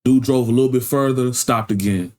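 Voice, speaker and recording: A man's voice: medium pitch, a little fast. Slangy man telling a street story. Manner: slangy, animated storyteller, frequent "you feel me". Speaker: reaction channel host. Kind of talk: casual storytelling reaction.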